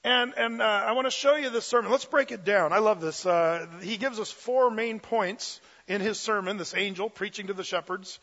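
A man preaching a sermon in an energetic, conversational way with frequent fillers. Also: sits high, moderate pace, hardly any pauses, in a large hall, dull audio. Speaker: pastor.

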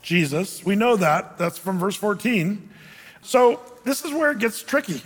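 A man's voice: high-pitched, expressive, a little slow, slightly rough. A man preaching a sermon from a church stage, talking in a conversational, joking way and asking rhetorical questions. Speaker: pastor. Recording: long reverb of a church hall.

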